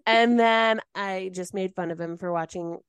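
Clear and resonant, this woman's mid-range voice moves at a normal speed over a dry recording. She co-hosts a podcast and tells a lively, casual story, acting out quotes with big changes in her voice.

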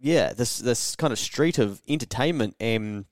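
A young man from New Zealand with a New Zealand accent, co-hosting a podcast and telling travel stories in a casual, animated way, swearing freely and acting out the voices of people he quotes. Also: medium pitch, a little slow, no echo, clean studio sound. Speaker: podcast co-host. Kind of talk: casual storytelling chat.

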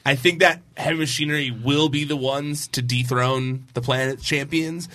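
A man co-hosting a casual chat about wrestling, animated and laughing often, with plenty of fillers. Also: mid-range voice, moderate pace. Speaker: podcast co-host.

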